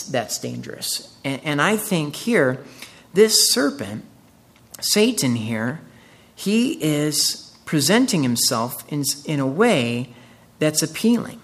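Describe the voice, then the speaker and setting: A man's voice: on the high side, fairly bright tone. A man preaching a sermon in an earnest way, walking through a scripture passage and rising into emphatic quoted voices. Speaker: pastor.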